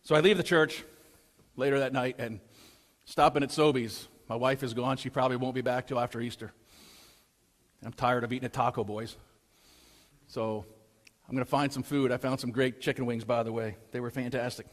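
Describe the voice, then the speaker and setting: Pastor guy preaching, storytelling, goes loud then real hushed, church echo. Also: medium pitch, steady tone, normal speed, pauses often. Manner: storytelling, emotional, swings from loud urging to hushed. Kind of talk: sermon. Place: church sanctuary. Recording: long church hall reverb.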